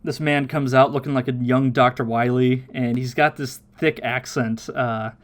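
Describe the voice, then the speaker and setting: A man hosting a podcast, casually recapping an episode with lots of laughter and quick silly voices. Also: mid-range voice, fairly even intonation. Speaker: podcast host.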